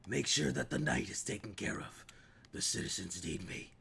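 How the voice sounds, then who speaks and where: A man's voice: mid-range voice, lively intonation, normal speed, creaky, fairly bright tone, a little hiss or hum. Batman, a man putting on a grave vigilante. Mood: solemn. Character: brooding masked male vigilante.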